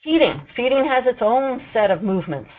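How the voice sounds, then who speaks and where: A woman giving an educational talk on newborn care, explaining gently and clearly, sometimes slowing to voice a baby's cues. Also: on the low side. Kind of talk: recorded educational presentation. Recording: tinny phone-like sound.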